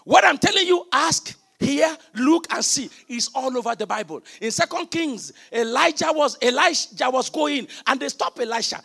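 High gravelly man preaching a sermon. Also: animated, normal speed, few pauses. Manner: rhetorical questions to the congregation; shouting emphatic preaching.

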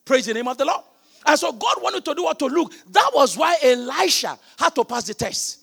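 A male preacher with a very high, gravelly voice delivers a sermon with forceful, tense energy. He fires rhetorical questions at his listeners and rises into shouted emphasis. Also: sing-song, moderate pace.

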